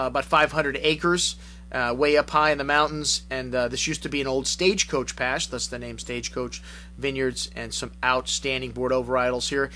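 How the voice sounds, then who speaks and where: A middle-aged man hosting a wine show, chatting casually through wine reviews with frequent uhs and pauses. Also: mid-range voice, sharp tone. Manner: chatty, many uhs, lists wines. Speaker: wine shop host.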